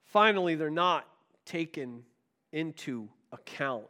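A man preaching a sermon, animated and storytelling, swinging between loud emphasis and hushed asides. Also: a little high, slow pace. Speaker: pastor.

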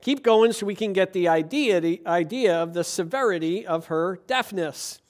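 A pastor delivers a sermon, mixing scripture reading with playful stories. His voice sits high for a man, and he moves from hushed asides to loud, punchy lines. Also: moderate pace. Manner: animated, jokey storytelling, swings from quiet to loud. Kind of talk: sermon with Bible reading and jokes.

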